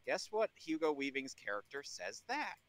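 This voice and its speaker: A man's voice: mid-range voice, very animated, moderate pace, background noise. Goofy guy cohosting a podcast, jokey casual banter. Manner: playful, goofy, breaks into song. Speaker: podcast co-host. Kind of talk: casual chat with jokes.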